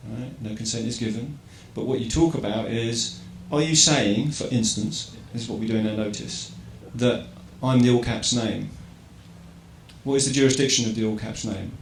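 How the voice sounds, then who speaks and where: There's a little hiss or hum on this recording of an English man talking to a live audience in an echoey event hall with faint ambience. His mid-range voice has vocal fry and a normal pace, and his chatty delivery leans on rhetorical questions and repeated "right?"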